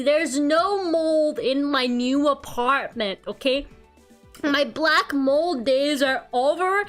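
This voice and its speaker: A young woman chats with her stream in a high, unhurried voice, giggling and cursing casually. Her throat is a bit sore from a cold, and soft music plays faintly behind her. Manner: chatty, giggly, swears casually. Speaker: VTuber streamer. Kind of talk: casual live-stream chat while drawing.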